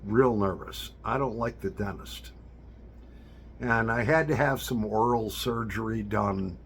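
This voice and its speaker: A man's voice: fairly low pitch, gravelly, a little hiss or hum. A man telling a casual personal anecdote in a rambling way, with lots of fillers and restarts. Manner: rambling, with many fillers and restarts, drawn-out delivery. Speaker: storyteller.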